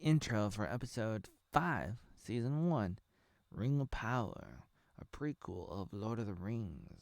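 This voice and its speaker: Man, 30s, somewhat low voice, casual rambling commentary, no room echo. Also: very animated, unhurried, gravelly, studio quality. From Oregon, USA. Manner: rambling and joking, thinking aloud with many ums and likes. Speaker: video creator reviewing a TV episode.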